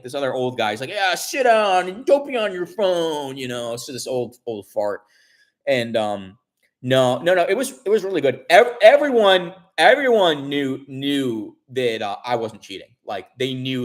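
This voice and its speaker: A man vlogger telling a story in casual chat, rambling with many restarts and fillers, and swearing when upset. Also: mid-range voice.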